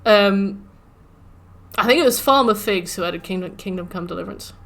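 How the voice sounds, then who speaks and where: Woman, young adult, bright voice, animated ranting, swearing, casual livestream chat. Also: medium pitch, moderate pace, slight background noise. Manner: animated ranting, swears, mimics the game's taunts. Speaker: streamer.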